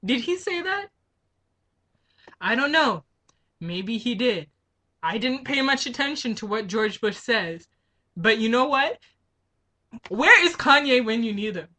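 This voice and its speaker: Woman, frustrated vlog rant, rhetorical questions, bright sharp tone. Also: fairly high pitch, expressive, a little slow, pauses often. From Canada. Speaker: vlogger. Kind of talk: political rant to camera.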